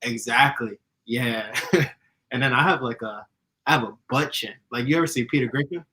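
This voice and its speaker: A young man chatting casually, giving dating advice, who talks fast and giggles and laughs often. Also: mid-range voice, pushed and bright, rough recording. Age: young adult. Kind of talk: casual chat.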